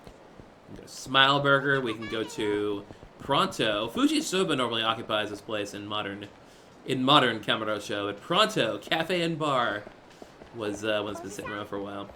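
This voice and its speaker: A man streaming a game, giving offhand, drawn-out commentary. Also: on the low side, sharp tone, slight background noise.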